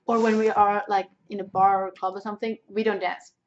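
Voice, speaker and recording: A woman's voice: medium pitch, little pitch movement, fairly quick. A young Swedish woman with a Swedish accent, chatting casually and bluntly, swearing freely. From Sweden. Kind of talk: casual chat. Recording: dull lo-fi sound.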